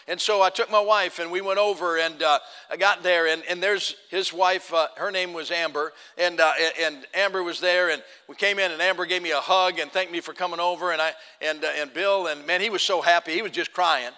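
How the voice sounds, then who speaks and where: Male pastor, sermon storytelling, slightly high voice, long reverb of a church hall. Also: a little fast, clean tone. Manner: acts out quoted dialogue, swings from loud to hushed.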